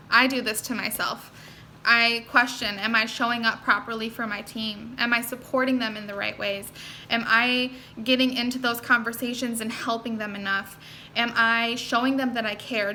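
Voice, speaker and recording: Bright-voiced woman giving an earnest pep talk. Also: fairly high pitch, a little hiss or hum. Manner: earnest, encouraging, speaks directly to listeners. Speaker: network marketing team leader. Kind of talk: motivational talk to her team.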